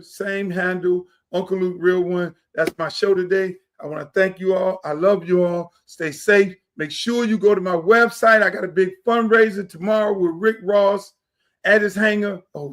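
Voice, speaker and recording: Excitable high-voiced man hosting a podcast. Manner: loud, excitable, joking, bursts into shouting. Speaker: podcast host. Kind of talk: casual podcast chat.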